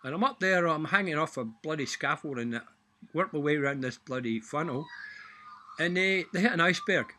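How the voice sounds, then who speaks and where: Bright-voiced man telling a tall tale. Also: fairly high pitch, brisk, a little hiss or hum. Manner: animated, swearing, building to a punchline. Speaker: storyteller.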